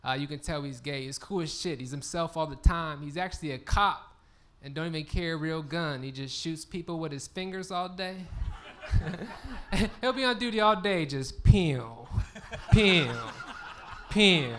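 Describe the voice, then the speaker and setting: A man performs a crude, punchy stand-up set on a live stage, his fairly high voice pushed and bright at a moderate pace. His delivery is laid-back, and audience laughter can be heard.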